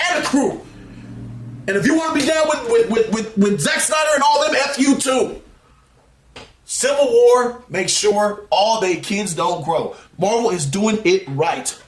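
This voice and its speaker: A man giving a heated, exasperated movie review rant, laughing often and bursting into shouts. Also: high voice, reverberant, a little hiss or hum. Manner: animated, exasperated ranting with frequent laughs and sudden shouts.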